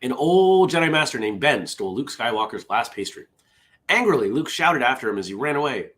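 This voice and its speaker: A man's voice: mid-range voice, sing-song, brisk, a bit bright. A man hosting a casual solo morning show. He rambles, interrupts himself, and drifts into side stories between the jokes he reads aloud.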